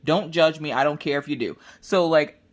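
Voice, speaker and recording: A woman crafting vlogger chatting casually, telling family stories with lots of restarts and acted-out voices. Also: moderate pace. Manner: animated, acts out family members in shrill high voices; chatty, with many restarts and "look, listen". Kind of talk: casual storytelling chat.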